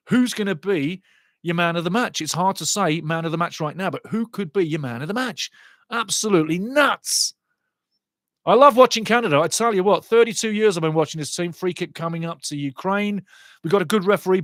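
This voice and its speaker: This is a man hosting a live match watchalong, and he is excitable and chatty. His voice sits a little high and sounds close and dry, with no room around it. He keeps repeating his favourite phrases and breaking into laughter. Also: no echo. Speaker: watchalong host.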